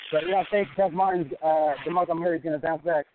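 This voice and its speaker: A man from Sacramento calling into a show, unsure and halting, on a phone line with faint noise. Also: on the high side, fairly even intonation. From Sacramento, California. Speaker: caller. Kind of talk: phone-in question.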